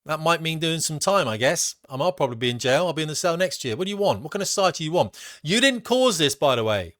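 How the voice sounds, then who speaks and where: A man's voice: on the high side, sing-song, fast talker, a bit bright, no room sound, studio quality. A middle-aged man from Britain giving blunt, emphatic, slangy commentary as a vlogger. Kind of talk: opinionated commentary.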